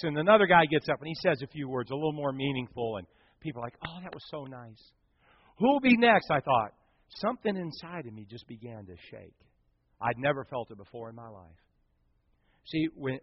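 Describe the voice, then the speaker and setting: A man's voice: mid-range voice, breathy edge, dry recording. Man telling a sermon story, dull recording. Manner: dramatic swings from loud to hushed. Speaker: preacher. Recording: dull dry sound.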